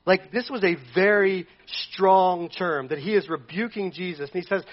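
A male pastor preaching a sermon in an animated, conversational way, with jokey asides. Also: sits high, normal speed, few pauses, highs cut off.

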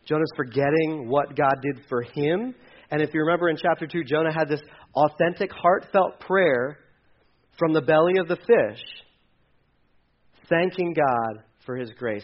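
A man preaching a sermon in a conversational, animated way, acting out quoted voices. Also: a little high, measured pace, lo-fi sound. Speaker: pastor.

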